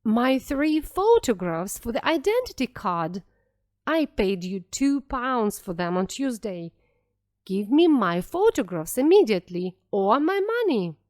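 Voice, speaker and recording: A woman's voice: fairly high pitch, big pitch swings, measured pace, a little mellow. A woman voicing a stubborn, angry old village man in a story read for learners, insistent and demanding.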